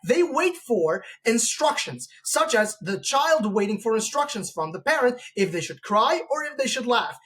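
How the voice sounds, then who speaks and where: A man's voice: high voice, animated, normal speed, a bit bright. Man hosting, rambling opinionated talk. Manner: rambling, with frequent restarts and acted-out quoted voices. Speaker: podcast host. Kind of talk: opinionated conversational monologue.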